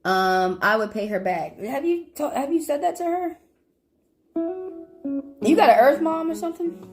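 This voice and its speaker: Profane, animated young woman reading tarot. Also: high voice, normal speed. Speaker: tarot reader. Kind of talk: casual livestream tarot reading. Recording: guitar music playing behind.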